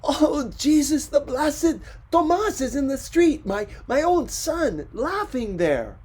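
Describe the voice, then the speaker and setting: A man voicing a proud, hot-tempered older man who shouts in outrage. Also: medium pitch, lively intonation, a little slow, husky. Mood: outraged. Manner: shouting, indignant.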